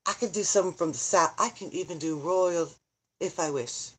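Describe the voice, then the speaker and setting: A woman's voice: on the low side, normal speed, a bit bright, slightly rough. A middle-aged woman chatting casually on a livestream, joking, rambling and answering viewer comments as she goes. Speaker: vlogger, grandmother. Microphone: phone.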